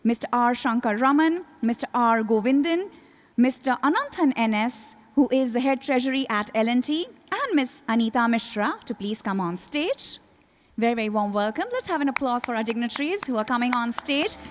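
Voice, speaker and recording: A woman's voice: fairly high pitch, lively intonation, fairly quick. A woman hosting a formal listing ceremony as emcee, welcoming dignitaries in a polished, announcing manner. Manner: polished, announcing names with rising emphasis. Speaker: event emcee.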